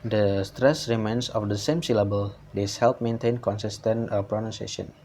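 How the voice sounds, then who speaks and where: Halting man reading a morphology presentation. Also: fairly low pitch, fairly even intonation, a little mellow, a little hiss or hum. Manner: halting, frequent uh fillers and restarts. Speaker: student presenter.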